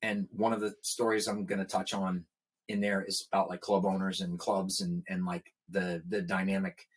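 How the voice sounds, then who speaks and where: A man's voice: sits low, normal speed, breathy edge. A middle-aged man, a guest musician, telling casual stories on a podcast and animatedly acting out the people in them. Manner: animated, acts out quoted people in a raised voice. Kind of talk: casual storytelling in a podcast interview.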